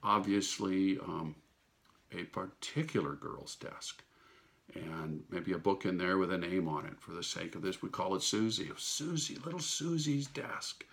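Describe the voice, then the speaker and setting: A middle-aged man earnestly telling a personal faith testimony in a slow, emphatic storytelling manner. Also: sits low, steady tone, vocal fry, a bit bright. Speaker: Christian speaker sharing a testimony.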